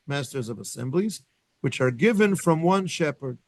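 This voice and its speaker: A man's voice: a little high, animated, moderate pace, darkish tone, dry recording. Man lecturing a Torah class, dry sound. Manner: thinking aloud, with many restarts and questions to the class. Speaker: rabbi teaching a Torah class. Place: synagogue study room.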